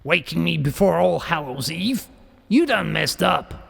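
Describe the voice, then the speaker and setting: A man's voice: on the high side, lively intonation, measured pace, creaky, fairly bright tone, husky, in a large hall, pitched above the performer's own voice, full character voice. A man voicing a mocking demonic wooden doll with a brash Bronx accent, in a horror audiobook. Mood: taunting. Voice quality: brash, taunting.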